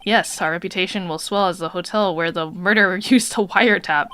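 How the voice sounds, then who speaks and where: Give me a woman playing a grandiose young male bellboy with a put-on French accent, pitched low. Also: a little fast, a bit bright, smooth, close to an everyday voice. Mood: pompous. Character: fawning young male hotel bellboy, odd.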